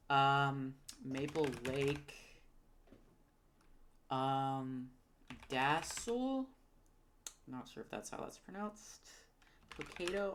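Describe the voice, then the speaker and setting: Woman, low voice, slow, hesitant, full of ums, self-correcting, faint noise. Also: a bit bright. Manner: apologetic about pronunciation. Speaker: geography video creator. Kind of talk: casual recall while typing.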